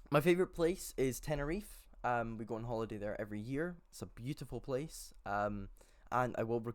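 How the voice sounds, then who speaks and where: A young man in his late teens gives a casual introduction to his channel, talking in a chatty and hesitant way with frequent fillers. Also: medium pitch. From Scotland. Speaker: channel host.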